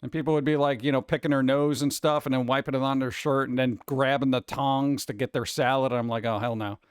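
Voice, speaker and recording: Male stream host, casual and self-mocking chat; smooth, dry close-mic sound. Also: medium pitch, flat delivery, fairly quick, no room sound. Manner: rambling, joking, self-deprecating. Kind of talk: casual chat reading viewer comments.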